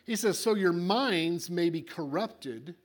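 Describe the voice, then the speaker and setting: A man preaching a sermon with animated delivery, acting out little voices and swinging between loud and quiet. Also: high voice, takes it slowly.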